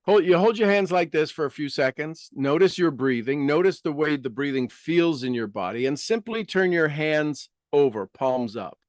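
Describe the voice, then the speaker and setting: A man with a somewhat high voice leads a coaching talk, walking listeners through exercises. He asks rhetorical questions, repeats key phrases and often drops into quiet asides. The sound is dry, with no room echo. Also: lively intonation, normal speed, hardly any pauses. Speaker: speaker leading a self-help talk.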